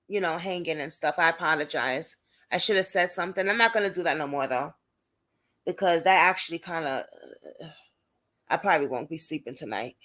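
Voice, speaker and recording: A woman's voice: mid-range voice, pushed and bright. A young woman with a Brooklyn accent hosting a casual livestream, talking to viewers by name in an emphatic, indignant way. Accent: Brooklyn New York. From Brooklyn, New York. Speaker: host of an advocacy livestream.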